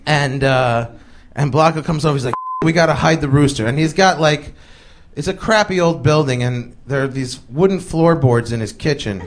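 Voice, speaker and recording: A male comedian telling a loose, chatty story on stage in live comic style, with lots of fillers and quick voices for the people he quotes, and an audience laughing along. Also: medium pitch, slight background noise.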